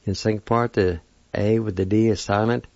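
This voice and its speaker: A man teaching vocabulary in a patient, slow lesson, sounding out each word syllable by syllable. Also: on the low side, fairly even intonation, a little mellow, no echo. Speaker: language teacher. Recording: dull lo-fi dry recording.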